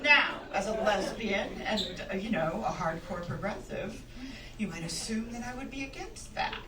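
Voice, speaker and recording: Onstage at a comedy club, a middle-aged woman works through her set at a moderate pace, animated and wry, chatting and frequently laughing mid-sentence. Her voice sits in the mid range, and a crowd can be heard behind her. It's captured from a distance with a roomy club feel, and the audience laughs throughout.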